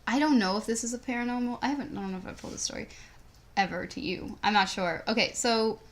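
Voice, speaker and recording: A woman's voice: fairly high pitch, fast. A young woman co-hosting a podcast, casually telling a story and filling it with "like". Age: teens. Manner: rambling, says "like" constantly. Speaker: podcast co-host.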